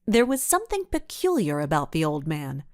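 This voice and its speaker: A woman reads a kids' mystery aloud in a fairly low voice, yet her pitch rises and falls with lively storytelling expression. The recording is close and dry, with no room sound. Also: moderate pace, no room sound. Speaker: audiobook narrator. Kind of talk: scripted narration.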